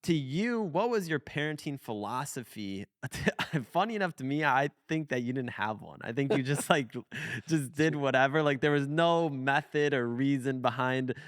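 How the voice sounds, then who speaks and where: A man's voice: mid-range voice, normal speed, clear, resonant tone, no room sound, studio quality. A man in his twenties hosting a podcast in a casual, rambling chat, full of fillers and restarts. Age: 20s. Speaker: podcast host.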